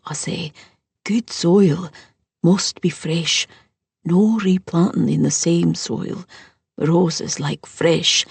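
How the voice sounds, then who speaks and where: A woman voicing a gentle, literal-minded young man who speaks slowly and simply in an audiobook. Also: sits high, vocal fry, husky, no room sound, full character voice. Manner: slow, simple, plainly spoken. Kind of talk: audiobook character voice.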